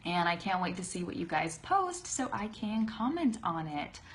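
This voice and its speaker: A young woman teaching a live online English pronunciation lesson, chatty and laughing often, slowly modelling words on a webcam. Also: fairly low pitch, sing-song.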